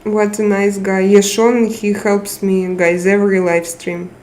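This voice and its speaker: Woman live stream host, tired, unhurried speech, emotional thanks to chat. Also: mid-range voice, level tone. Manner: warm, emotional, reads out chat names and thanks viewers. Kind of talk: casual live chat with viewers.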